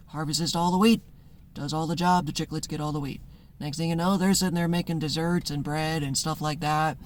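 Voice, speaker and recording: Guy rambling through his notes, voice on the higher side, laughs a lot and does little voices in his stories. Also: steady tone, a little fast. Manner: rambling and conversational, reading from notes; acts out voices in anecdotes, laughs often. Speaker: spiritual content creator. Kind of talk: casual monologue.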